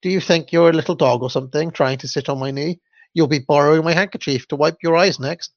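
A kindly, fussing mother in a storybook, exclaiming in a flustered rush, as a man puts her on. Her voice carries a gravelly edge and sounds dull and dry, like a lo-fi recording. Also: fairly high pitch, fairly even intonation, fast talker, no echo, close to an everyday voice.

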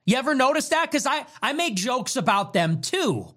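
A talk show host delivers a heated monologue in a high-pitched voice at a moderate pace. The delivery is animated, profane and emphatic, with phrases repeated for emphasis.

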